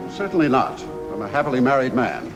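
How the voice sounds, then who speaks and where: A married man dodging questions in an old film scene. He talks quickly and his pitch moves a lot. Loud music runs under the old soundtrack. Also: huge pitch swings, poor audio. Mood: evasive. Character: married man, evasive womanizer.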